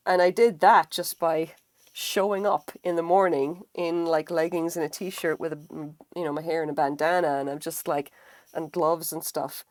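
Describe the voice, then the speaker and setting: A woman's voice: steady tone, moderate pace, darkish tone, dry recording. Tired, rambling woman streaming with crochet. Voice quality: swears casually. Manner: rambling, self-deprecating, acts out quotes in higher voices. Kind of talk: casual live-stream chat while crocheting.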